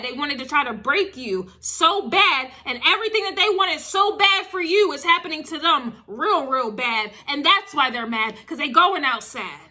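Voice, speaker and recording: A woman's voice: sits high, pushed and bright. A woman doing a casual spiritual reading to camera, emphatic and driving her points with repeated phrases. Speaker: tarot reader.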